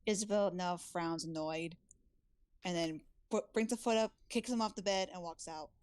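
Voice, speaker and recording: A woman's voice: fairly low pitch, normal speed, a little mellow, smooth, no room sound. A woman playing a tabletop role-playing game, casually narrating what her character does. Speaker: player.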